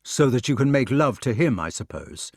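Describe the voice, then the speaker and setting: An earnest, brooding knight who pleads and broods in turn, read by a man. The voice moves lively up and down in a storybook reading. The sound is dry and close. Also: mid-range voice, normal speed, creaky, dry recording. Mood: defensive.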